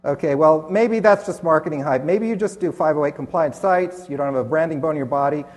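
A man's voice: a little high, fairly quick. A man giving a conference presentation with sardonic, dry humor in a hotel conference hall. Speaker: conference speaker. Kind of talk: presentation talk. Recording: long hall reverb in a conference hall.

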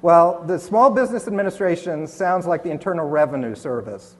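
A man's voice: on the high side, a little fast. A man giving a conference presentation with sardonic, dry humor in a hotel conference hall. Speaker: conference speaker. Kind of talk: presentation talk. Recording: long hall reverb in a conference hall.

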